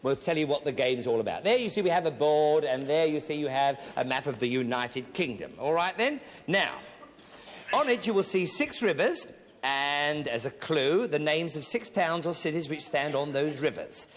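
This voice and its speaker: A middle-aged game-show host banters with contestants in a TV studio, teasing them with puns and jokes. His voice is fairly high and animated at a normal speed, and the reverberant room carries audience laughter.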